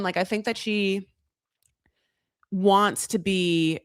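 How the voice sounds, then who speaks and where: A chatty woman co-hosting a reality TV recap podcast, her voice mid-pitched. She rambles with plenty of "like" and "you know". The sound is dry and close. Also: steady tone, slow, clear, resonant tone, no room sound. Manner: chatty, lots of fillers, quotes people in put-on voices. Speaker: podcast co-host. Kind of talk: casual reality TV recap chat.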